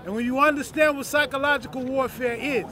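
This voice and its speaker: A man's voice: very high-pitched, fairly even intonation, fairly quick, pushed and bright. Preaching older Los man. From South Central Los Angeles. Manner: preaching, rhythmic repetition. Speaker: guest speaker. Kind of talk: outdoor speech to a crowd. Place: outdoor street gathering. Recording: crowd noise outdoors.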